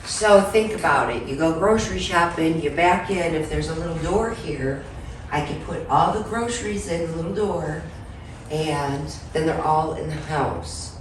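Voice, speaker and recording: A woman's voice: sits low, normal speed. A woman explaining a home project plan, determined and upbeat. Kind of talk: casual chat. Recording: distant, roomy, noisy.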